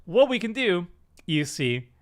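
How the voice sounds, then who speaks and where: A man's voice: high-pitched, very animated, unhurried. A man hosting a card game stream, talking casually with lots of fillers and restarts in a chatty, self-deprecating way. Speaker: commander stream host. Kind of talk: casual card review chat.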